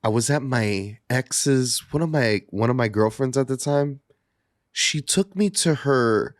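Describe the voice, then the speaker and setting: A man's voice: mid-range voice, lively intonation, measured pace, no room sound, studio quality. A man co-hosting a podcast, telling casual stories in a laid-back way and swearing freely. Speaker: podcast co-host. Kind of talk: casual chat.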